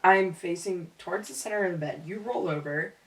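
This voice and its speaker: A woman's voice: fairly low pitch, fairly quick, fairly bright tone. A young woman co-hosting a podcast in casual chat, candid and slangy, laughing often. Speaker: podcast co-host. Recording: echoey room, far from mic.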